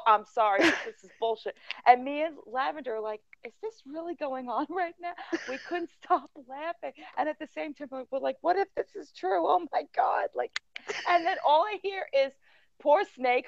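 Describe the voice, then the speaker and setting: A woman hosting a casual livestream chat, animated and breaking into laughter often. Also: high voice, normal speed, gravelly, no room sound, muffled recording. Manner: giggly, animated, frequent laughing outbursts. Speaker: livestream host.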